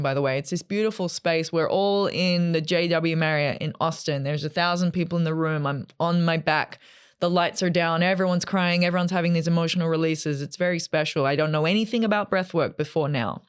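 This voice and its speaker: A woman's voice: lowish voice, clean tone. Aussie woman, 40s, rambly and dry, talking into her phone as she walks in somewhere. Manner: rambling, sarcastic, self-deprecating. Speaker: vlogger. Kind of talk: casual storytelling. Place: walking into a fast food restaurant.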